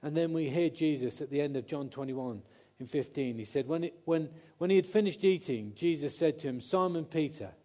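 A man's voice: on the high side, fairly quick, hardly any pauses, mellow. A man preaching a conversational sermon, often acting out quotes and restarting his sentences.

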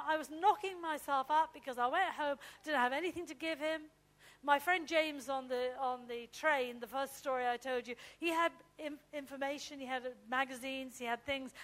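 A middle-aged woman preaches with a high, bright-pitched voice. She tells personal stories in a lively, anecdotal way. She often turns to the congregation and speaks to them directly. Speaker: pastor's wife preaching.

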